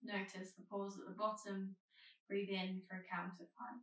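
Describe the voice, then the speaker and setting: A woman yoga teacher giving calm, gentle spoken cues through a guided flow. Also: medium pitch, normal speed, echoey room, distant mic, rough recording.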